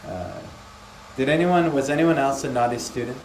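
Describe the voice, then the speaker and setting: A man giving a spiritual lecture on scripture to a small group, lively and asking his listeners questions. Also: mid-range voice, moderate pace, a little hiss or hum. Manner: lively, asks the audience questions. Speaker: spiritual teacher. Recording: echoey room, faint ambience.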